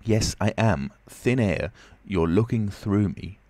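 A man's voice: lowish voice, takes it slowly, a little mellow, no room sound. A man voicing an impatient, commanding unseen stranger who speaks tersely and insistently, in a storybook reading. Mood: firm, insistent.

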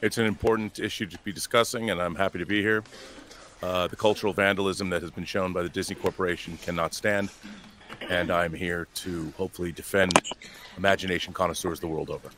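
Deep-voiced man, mock-grandiose prosecutor. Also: steady tone, a little fast, noisy background. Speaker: prosecution panelist in a mock trial. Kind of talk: mock-formal courtroom role-play.

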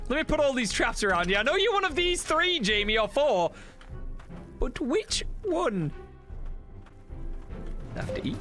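A man streaming a game, excitable and taunting, laughing and shouting at his friends. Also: very high-pitched, measured pace, pauses often. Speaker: gaming streamer. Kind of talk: casual gameplay banter. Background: game music.

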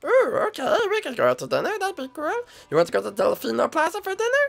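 A man doing a bubbly, oblivious dinosaur from a game role-play, squeaky and shrill. The voice leaps all over the place with a gravelly edge. Eager and bouncy throughout. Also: huge pitch swings, quick pace, a bit bright, soft background music, exaggerated voice. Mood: cheerful. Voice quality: squeaky, high-pitched. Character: excitable, carefree male dinosaur.

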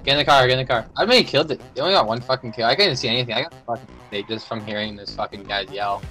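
A young man commenting on his own game, excitable and profane, yelling in panic and trash-talking other players. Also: mid-range voice, racing. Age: young adult. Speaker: gamer streaming a battle royale match. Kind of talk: casual gameplay commentary. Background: background music.

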